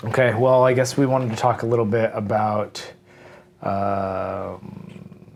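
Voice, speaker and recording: A man's voice: on the low side, flat delivery, a little mellow, a little hiss or hum. A man co-hosting a podcast in casual chat, playful and teasing. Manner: playful, teasing, quick to laugh. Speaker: podcast co-host.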